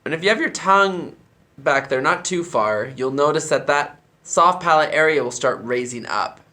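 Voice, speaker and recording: A man's voice: fairly high pitch, expressive, normal speed, bright, forceful tone. A man who directs a church choir, explaining vocal technique in a tutorial and demonstrating the sounds with his own voice.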